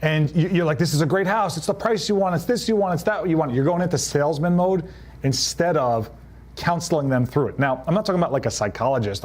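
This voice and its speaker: A man's voice: medium pitch, a little mellow. A man coaching real estate agents in a live talk, punchy and direct, acting out what clients say. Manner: punchy, acts out quoted clients in changed voices. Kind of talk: live motivational business talk.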